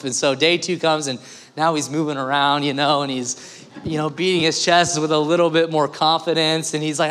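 A man preaching a sermon with an animated storyteller's delivery. His voice sits a little high and he moves between playful jokes and earnest, coaxing questions to his listeners. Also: normal speed. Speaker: pastor.

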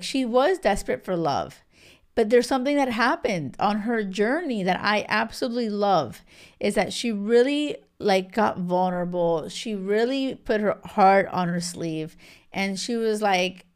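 A woman in her thirties hosting a casual reality TV recap, gushing and animated with lots of filler words. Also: mid-range voice. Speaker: podcast host.

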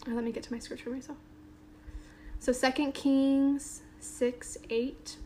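A woman's warm, high-sitting voice stays level and a little slow as she gives a casual Bible teaching to a small group, with a little hiss or hum in the background. She reads passages aloud and retells them informally, using lots of "like" and "um."

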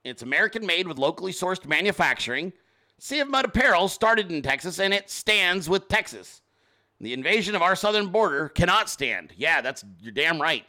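Male host: bright, tense-edged voice, casual joking rambler who swears freely. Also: high voice, very animated, normal speed. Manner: reads sponsor ads informally. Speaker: show host. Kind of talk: casual live-stream commentary.

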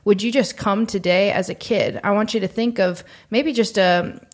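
A woman co-hosting a faith-based podcast, earnest and encouraging, slowing down to guide listeners through deep breaths. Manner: earnest, encouraging, speaks slowly when leading prayerful moments. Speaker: podcast co-host.

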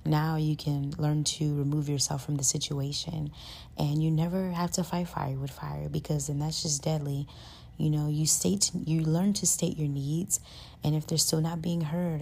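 Low, gravelly woman podcast host. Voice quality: says her voice is high-pitched and gets loud with passion. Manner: earnest, conversational, lots of fillers like "like" and "you know". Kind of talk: casual self-help monologue.

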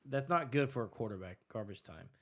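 A man in casual conversation, mid-pitched and unhurried in tone, trailing off and restarting as he checks stats. He talks like a co-host riffing with friends on a sports podcast. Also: expressive, a crowd in the background. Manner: hesitant, thinks aloud while looking up stats. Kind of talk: casual fantasy football chat.

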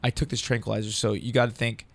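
A man's voice: medium pitch, flat delivery, fast, gravelly. A man telling a long personal story in casual, profane, rambling talk, acting out what others said.

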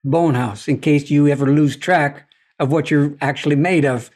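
A man speaking as a podcast guest, talking in a deliberate, philosophical way and telling stories, often checking in with "you see?". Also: fairly high pitch, steady tone, a little mellow. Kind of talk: reflective conversational storytelling.

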